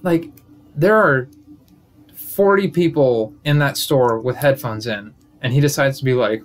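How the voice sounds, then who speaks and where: A man's voice: mid-range voice, unhurried, a little hiss or hum. A young man in his twenties, a comedian and podcast host, talking through a casual, joking monologue that wanders and interrupts itself. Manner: rambling, joking, self-interrupting.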